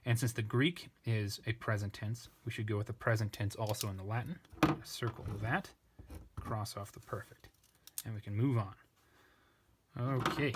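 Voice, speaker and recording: Male tutor, lowish voice, methodical, self-correcting walkthrough. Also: fairly even intonation, normal speed, heavy background noise. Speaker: language tutor. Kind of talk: parsing walkthrough lesson.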